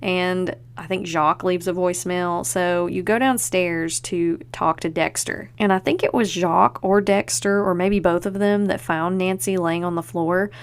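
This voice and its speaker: A woman's voice: on the low side, fairly even intonation, moderate pace, hardly any pauses, smooth. A woman hosting a podcast, chatting casually and enthusiastically and leaning on fillers like "like". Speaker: podcast host.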